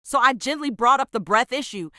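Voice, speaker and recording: A woman's voice: high-pitched, fairly quick, sharp tone, dry recording, studio quality. A woman reading out a scripted storytime in an exasperated, sarcastic way. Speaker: storytime narrator.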